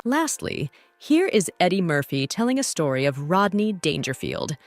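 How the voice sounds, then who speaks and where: A woman reading scripted voice-over, briskly introducing each clip. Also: lowish voice, sing-song, soft background music. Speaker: narrator. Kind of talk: scripted narration.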